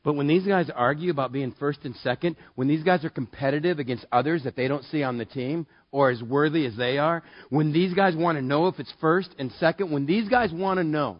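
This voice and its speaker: A man preaching a sermon in a casual, joking way that builds to loud, emphatic passages. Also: a little high, a little fast, few pauses, no echo, lo-fi sound. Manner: conversational, jokey, rising to loud emphatic preaching. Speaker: pastor.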